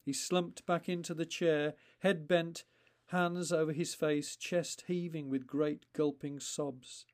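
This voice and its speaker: A man, the author himself, reading his own short story aloud in a slow, deliberate narration with pauses between phrases. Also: fairly high pitch, steady tone.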